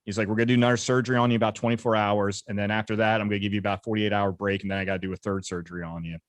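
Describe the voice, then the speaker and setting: A man in his thirties, an interview guest telling combat stories briskly, acting out the dialogue. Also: lowish voice, level tone, no echo. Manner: brisk, vivid war storytelling with quoted dialogue. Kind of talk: casual storytelling interview.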